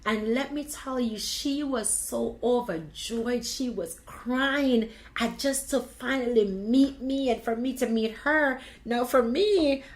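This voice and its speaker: A woman with a fairly high voice tells her own story. She tells it with lively, expressive energy and acts out the dialogue as she goes. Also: slow pace, hardly any pauses, poor audio. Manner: animated, expressive retelling with quoted dialogue. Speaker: video blogger. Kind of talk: personal storytelling.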